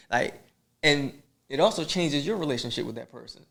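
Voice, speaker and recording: Talking fairly quickly in a gravelly, fairly high-pitched voice, this man hosts a podcast of motivational casual chat. He's animated and preachy, uses lots of slang, and addresses his listeners directly with advice.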